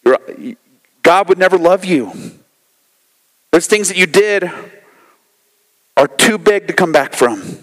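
A man's voice: sits high, expressive, slow pace, long pauses, fairly bright tone, long reverb tail, full character voice, rough recording. A male preacher voicing a relentless accusing spirit that taunts over and over. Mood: taunting. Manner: repetitive, taunting.

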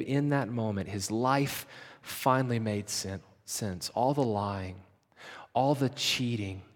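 Impassioned male preacher in a reverberant hall. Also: mid-range voice. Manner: impassioned, swinging between loud emphasis and hushed intimacy. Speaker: pastor. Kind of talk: sermon.

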